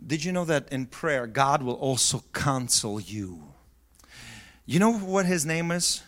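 A middle-aged pastor preaching a sermon, moving between quiet, low talk and loud yelled peaks. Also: male voice, lively intonation, a little slow. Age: middle-aged or older. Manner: swings from soft and low to yelling at high pitch.

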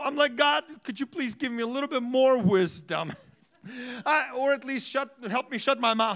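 A man preaching a sermon as a pastor, telling self-mocking stories, laughing often and rising to loud bursts. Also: very high-pitched, vocal fry.

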